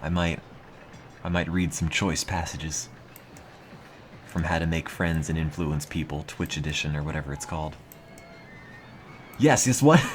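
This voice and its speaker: Deep-voiced deadpan male streamer. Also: a little hiss or hum. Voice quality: deadpan monotone delivery. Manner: dry, self-mocking, reads passages aloud. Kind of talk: casual live-stream chat.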